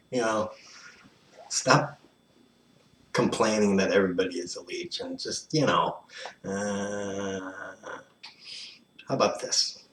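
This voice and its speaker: A man's voice: lowish voice, slow, pauses often, fairly bright tone, a little hiss or hum. A man rambling in a casual monologue, sardonic and crude, often mumbling his asides. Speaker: vlogger. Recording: roomy echo, faint background ambience.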